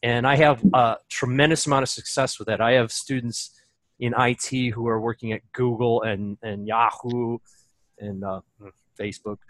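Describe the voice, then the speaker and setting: A man teacher leading a seminar discussion in a thoughtful, halting way. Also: mid-range voice, steady tone, fairly bright tone, dry recording. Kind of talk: casual discussion.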